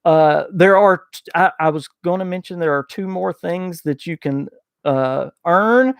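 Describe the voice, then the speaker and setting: A man with a thick Southern US drawl hosts a gaming podcast livestream, reading viewer super chats in a folksy, chatty way and sometimes losing his train of thought. His voice sits a little high for a man and carries a gravelly, fry-laden texture. The recording is dry and close, with no room sound. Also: unhurried, no room sound. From Southern United States. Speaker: podcast host.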